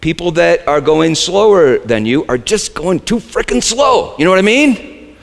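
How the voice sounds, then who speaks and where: A man preaching a sermon as the pastor, shifting between quiet low asides and sudden high, shouted lines. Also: expressive, moderate pace, gravelly, in a large hall.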